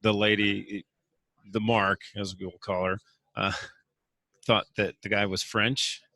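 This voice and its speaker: A male host with a lowish voice and a bright, forceful edge chats with his guest in an easygoing way. His voice sounds dry and close to the mic, without any room echo. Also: flat delivery, slow. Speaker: show host. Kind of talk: casual interview.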